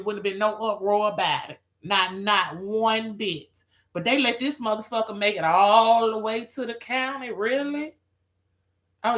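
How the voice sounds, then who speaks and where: Woman doing a late night live stream, sassy and cussing a lot, bright voice. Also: on the high side. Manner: sassy, profane, calls viewers girl, child, honey. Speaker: livestreamer chatting with viewers. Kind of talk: casual live-stream chat.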